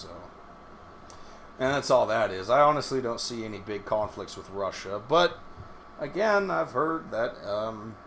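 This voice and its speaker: A man's voice: fairly low pitch, a bit bright, slight background noise. A man hosting a podcast, reading a news article aloud and then riffing on it with blunt, joking opinions in casual chat. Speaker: podcast host.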